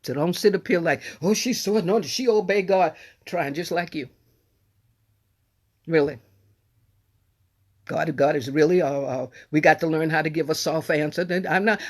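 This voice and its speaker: A woman's voice: fairly low pitch, moderate pace. Folksy middle-aged woman preaching a sermon. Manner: folksy, animated, repeats and restarts phrases.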